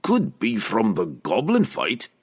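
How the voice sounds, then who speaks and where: A man voicing a gruff older male lord and father who speaks with rough, folksy grammar in a storybook reading. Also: mid-range voice, big pitch swings, moderate pace, a bit bright, voice pushed up, heavily acted. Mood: hopeful.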